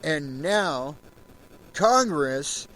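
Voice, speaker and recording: A man hosting a solo show, delivering an angry, profane rant and raising his voice to a shout at times. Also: on the high side, expressive, very slow, a little hiss or hum, rough recording. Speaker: podcast host.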